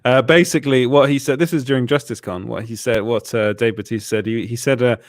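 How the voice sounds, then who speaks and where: A man's voice: medium pitch, steady tone, quick pace, no room sound, clean studio sound. A British man hosting a casual podcast chat, chatty and laughing often at himself. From Britain. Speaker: host.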